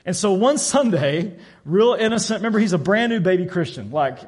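A man's voice: sits high, lively intonation, brisk, breathy edge. A man preaching a sermon in a church, telling a story and acting out the voices of its people. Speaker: pastor.

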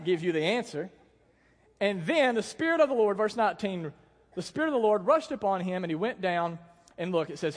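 Young male pastor, high voice, casual jokey sermon delivery, church hall with long reverb. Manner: casual, joking storytelling with acted-out quotes.

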